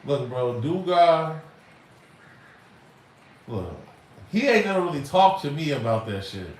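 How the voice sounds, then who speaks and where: A man's voice: on the high side, sing-song, measured pace, darkish tone. A middle-aged man, hosting a livestream in an emphatic, rambling, slangy way. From Chicago. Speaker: livestream host. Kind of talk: casual livestream talk. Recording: roomy echo, far from mic, faint noise.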